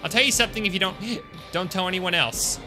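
Man playing a boastful drunk soldier for a game voice; loud, high, hiccuping and slurred. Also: brisk, music in the background, close to an everyday voice. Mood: tipsy, boastful.

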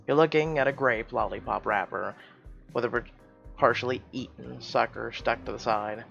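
Man reading a story game with loud reactions. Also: medium pitch, moderate pace, creaky, dull audio, faint music behind. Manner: animated, jumps into loud exclaimed reactions.

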